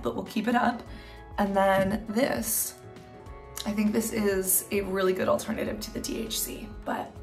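A woman talking to the camera in a casual skincare vlog, chatty and rambling as she tests products, tired and a bit loopy late at night. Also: on the high side. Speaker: skincare creator.

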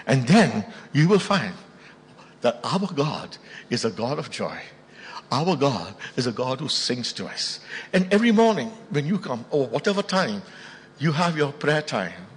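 A man's voice: a little high, a bit bright, slightly rough. Preaching man in a reverberant hall. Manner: storytelling, repeats phrases for emphasis. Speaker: pastor. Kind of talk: sermon.

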